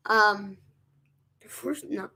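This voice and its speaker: A woman's voice: medium pitch, extremely slow, creaky, bright, forceful tone. A woman helping host a trivia game, chatting casually and hesitantly with lots of fillers. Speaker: co-host keeping time. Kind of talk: casual chat.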